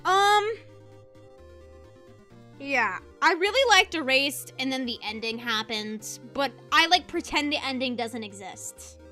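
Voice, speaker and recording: Animated high-voiced young woman streamer. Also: slow pace, faint music behind. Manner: passionate, ranting; animated, laughs easily. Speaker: VTuber streamer. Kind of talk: casual live-stream commentary.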